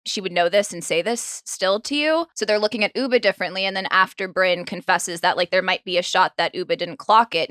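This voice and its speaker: A woman recaps a reality show on a podcast in a chatty way and fills her talk with "like". Her voice sits a little low but sounds bright and forward. She is recorded close and dry. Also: no echo. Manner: chatty, lots of "like", acts out quotes. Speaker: podcast co-host. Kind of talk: casual recap chat.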